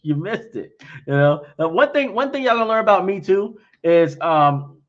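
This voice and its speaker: A man's voice: high-pitched, expressive, moderate pace, muffled recording. A man answering investor questions in a casual livestream, talking bluntly and frankly, often acting out both sides of conversations. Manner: blunt and frank, acts out quoted exchanges.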